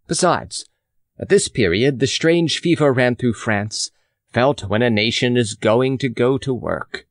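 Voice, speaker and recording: A man narrating a classic novel in a measured, expressive audiobook reading. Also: medium pitch, no room sound, studio quality.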